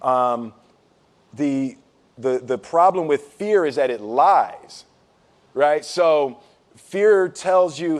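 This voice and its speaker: Guy with a pretty high voice, animated storytelling, jokey, keeps laughing. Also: very slow, long pauses. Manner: lively and joking, acts out quotes, laughs often. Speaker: interview guest.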